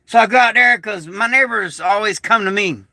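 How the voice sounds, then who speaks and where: Excitable high-voiced man. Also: normal speed, creaky, no room sound. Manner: rambling, excitable, swears, restarts often. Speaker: prepper vlogger. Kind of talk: casual livestream storytelling. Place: small shed turned bunker.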